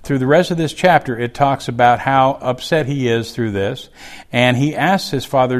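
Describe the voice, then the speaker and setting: A man's voice: medium pitch, normal speed. Man teaching a Bible passage. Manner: reads scripture aloud, then explains it in a folksy aside.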